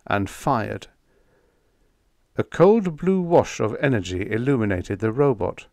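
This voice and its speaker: A man narrating a science fiction short story as a calm, unhurried sleep story. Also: lowish voice, no echo, clean studio sound. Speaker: audiobook narrator.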